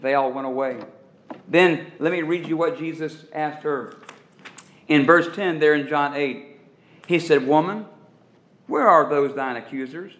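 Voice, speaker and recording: A man preaching a sermon who leans on dramatic pauses and draws out key words for emphasis. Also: on the high side, a bit bright, echoey room. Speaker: pastor.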